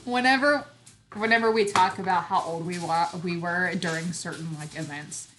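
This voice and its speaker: A woman's voice: lowish voice, normal speed, noisy background. A woman in her thirties hosting a casual live chat, chatty and teasing with frequent giggles. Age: 30s. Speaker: homesteading channel host. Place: home.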